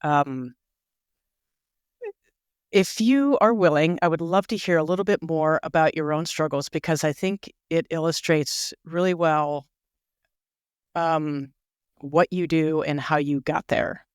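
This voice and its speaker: A woman hosts a podcast interview and responds to her guest with encouraging, casual remarks. Her voice is smooth and clear. The sound is close to the mic and dry. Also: deep voice, no room sound. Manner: encouraging, quick asides. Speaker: podcast host, healthcare provider.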